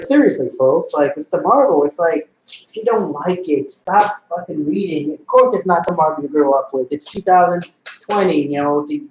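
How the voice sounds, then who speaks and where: A man's voice: a little high, darkish tone. A man ranting in a loose, rambling way, with lots of swearing and filler words, while he bags comic books at home. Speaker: comic collector vlogger. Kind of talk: casual rant while bagging comics. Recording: roomy echo with faint noise.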